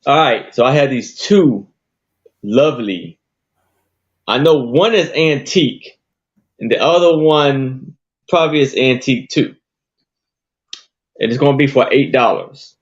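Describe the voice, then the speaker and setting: Slow-talking man describing items for sale. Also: medium pitch, expressive, lo-fi sound. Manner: slow, plain, hesitant describing. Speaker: seller on live sale stream. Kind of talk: casual product description.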